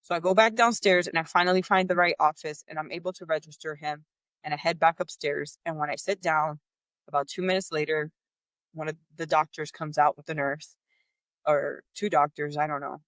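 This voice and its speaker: A woman's voice: sits low, a little fast, no echo. A woman hosting a podcast, telling a personal story candidly and with frustration, acting out the voices of the people in it. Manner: candid, animated, acts out quoted dialogue; exasperated, frustrated. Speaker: podcast host.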